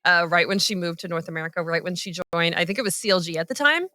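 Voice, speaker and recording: A woman's voice: on the low side, expressive, fast talker, pushed and bright, no echo. A woman casting a live esports match, chatty and giggly, giving color commentary. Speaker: esports caster.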